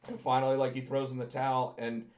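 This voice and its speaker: A podcast co-host chats casually about wrestling, speaking animatedly and acting out what other people said. His voice is medium-pitched with little pitch movement, and he talks quickly. The recording sounds dull and lo-fi, made in an echoey room.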